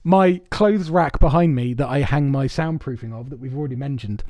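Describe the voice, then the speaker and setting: Mellow and medium-pitched, a man hosts a podcast at a moderate pace, wandering through anecdotes with lots of cursing and laughing at his own tales. The sound is clean studio quality with no room echo.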